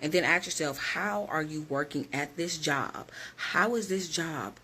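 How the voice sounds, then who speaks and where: A woman's voice: low voice, animated, a little slow, pushed and bright, a little hiss or hum. A woman who works as a hiring manager, talking straight to her viewers in a direct, emphatic motivational vlog.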